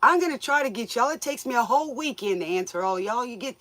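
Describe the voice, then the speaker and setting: A woman's voice: fairly high pitch, animated, fast, fairly bright tone, no room sound. Woman, tarot stream host, folksy, joking, laughs a lot, dry close sound. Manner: scolds viewers playfully. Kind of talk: casual livestream chat with viewers.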